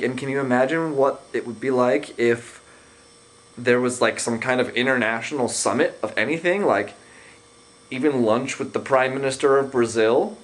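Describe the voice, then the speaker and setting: A man's voice: medium pitch, expressive, moderate pace. A young man vlogging a casual, sarcastic rant. He rambles and hesitates, with lots of fillers.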